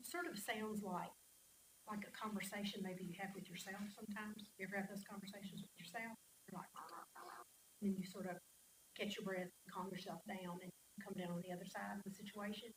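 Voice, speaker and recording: A woman's voice: medium pitch, fairly bright tone. A woman teaching a casual Bible study class in a church, chatting with the class and reading scripture aloud. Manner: conversational, asks the class questions, reads scripture aloud. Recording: echoey room, mic at a distance, faint hiss.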